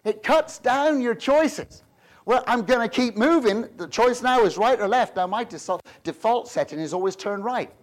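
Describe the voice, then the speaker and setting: A male pastor delivering a sermon, his voice sitting notably high for a man. He preaches in an animated, chatty way, stumbling over repeated words and breaking into laughter between points. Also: moderate pace. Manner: animated, conversational preaching with frequent repetitions and laughs.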